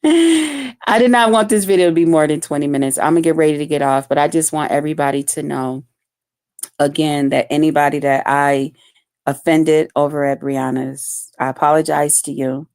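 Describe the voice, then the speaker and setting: Animated woman in a dry close recording. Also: sits low, normal speed, no room sound. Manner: animated storytelling, acts out quotes loudly, laughs often. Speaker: vlogger. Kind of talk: casual chat to viewers.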